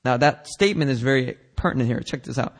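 A male pastor preaching a casual, animated sermon, acting out Bible characters in changing voices and using slang. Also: mid-range voice, fast talker.

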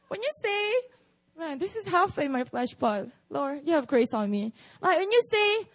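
A woman's voice: very high voice, sing-song, moderate pace, a bit bright. A woman with a Korean accent preaching at a prayer meeting in a candid, conversational way, full of "like" and "you know".

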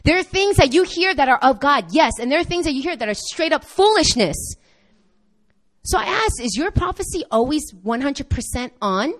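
A woman pastor delivers a sermon in a somewhat high voice. She tells stories animatedly, slipping into the voices of the people she quotes. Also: sing-song, moderate pace, fairly bright tone.

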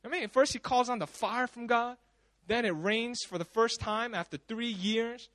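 High-voiced man preaching casually. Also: normal speed, no echo. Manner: casual, animated storytelling with frequent asides. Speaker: pastor. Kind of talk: sermon. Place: church service.

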